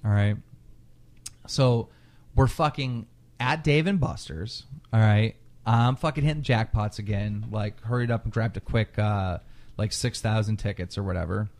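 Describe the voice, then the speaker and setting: Unhurried and low-pitched, this man hosts a podcast and tells an extended story in casual talk. He swears liberally and acts out people's words with animated flair.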